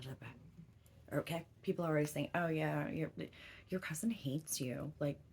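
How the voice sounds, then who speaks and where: A woman's voice: low-pitched, creaky, darkish tone, slight background noise. A woman in her thirties telling a long story in casual chat, rambling and swearing freely. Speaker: tarot reader.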